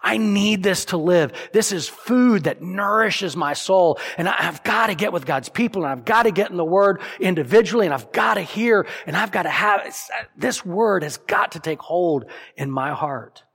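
A man preaching a sermon as pastor, emphatic and earnest, acting out imagined prayers and dropping to soft, solemn lines. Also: sits high, expressive, normal speed, vocal fry, hardly any pauses, husky. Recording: long hall reverb.

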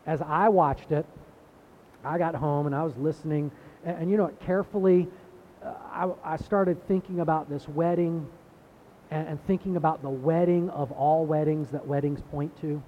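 A man delivers a sermon in a relaxed, conversational way, stumbling over and repeating words as he builds toward his points. His voice sits a little high for a man. The recording sounds slightly muffled, with a faint low rumble underneath. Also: moderate pace. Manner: conversational preaching, repeats words, rising emphasis. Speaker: pastor.

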